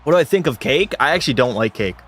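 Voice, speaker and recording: Faint music plays behind this young Canadian as he streams hockey, his mid-range voice fast with a breathy edge. He's excitable, alternating mock sportscaster calls with loose chat banter and now-and-then swearing.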